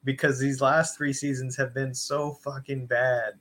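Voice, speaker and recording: A man's voice: medium pitch, little pitch movement, a little slow, fairly bright tone. A man co-hosting a podcast, ranting bluntly and profanely in casual chat. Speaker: podcast co-host.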